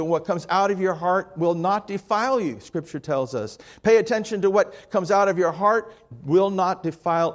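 A pastor preaching a sermon in a church sanctuary. His man's voice sits a touch higher than usual. He leans hard on key words, then lets each phrase drop away softly. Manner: slow, emphatic delivery with soft trailing phrases.

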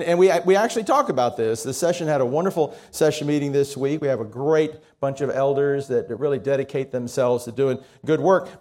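A man's voice: high-pitched, darkish tone. A male pastor giving a conversational sermon in church, often repeating words as he thinks.

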